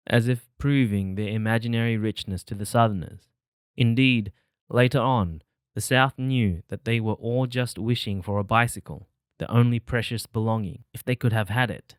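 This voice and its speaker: Low-voiced male audiobook narrator. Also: moderate pace, no room sound, clean studio sound.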